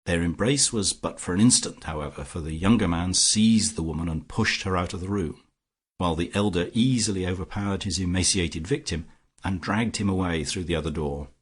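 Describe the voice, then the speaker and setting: A man reading a classic detective story aloud as an audiobook narrator, in a measured first-person telling. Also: sits low, husky. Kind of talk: scripted narration.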